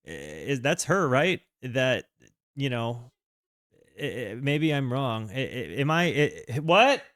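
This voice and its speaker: A man's voice: mid-range voice, a bit bright, dry recording, clean studio sound. A man from the American South giving casual, hesitant reaction commentary, often restarting and repeating his words. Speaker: music reaction host. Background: faint music playing.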